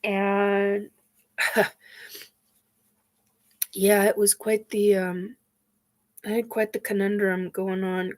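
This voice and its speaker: Slow-talking woman, stuffy nose. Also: mid-range voice. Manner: slow, halting, many fillers and sighs. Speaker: host. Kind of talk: casual spiritual chat.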